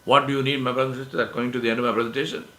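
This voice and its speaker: A man's voice: mid-range voice, flat delivery, very fast, pushed and bright, roomy sound. A man giving a religious lecture to an audience, emphatic, repeating key phrases and asking rhetorical questions. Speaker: speaker giving a presentation.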